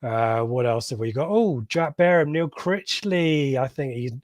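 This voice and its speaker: A man's voice: medium pitch, expressive, unhurried, a little mellow, dry recording, clean studio sound. A man co-hosting a live fan podcast, chatting casually, laughing often and reading out viewer comments. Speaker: podcast co-host. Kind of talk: casual live reaction chat.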